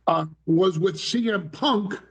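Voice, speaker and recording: A man's voice: high-pitched, slow, low-quality recording. A middle-aged man talking as an interview guest, theatrical and dramatic, with acted voices in his stories. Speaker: wrestling personality, guest. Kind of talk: animated interview talk.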